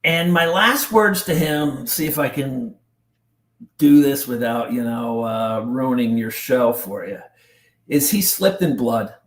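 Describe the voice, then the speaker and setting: Telling a painful story from his own life, a middle-aged podcast guest from New Jersey sounds intense and halting, dropping casual slang. His medium-pitched voice has lively intonation, and the recording echoes roomily.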